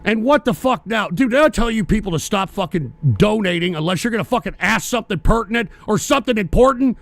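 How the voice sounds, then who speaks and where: A man hosting a livestream, ranting angrily about politics and cursing at viewers who donate, often shouting. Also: sits high, lively intonation, quick pace, vocal fry, no room sound. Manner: profane, ranting, frequently shouting. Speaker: livestream host. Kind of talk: angry political rant, reading donations.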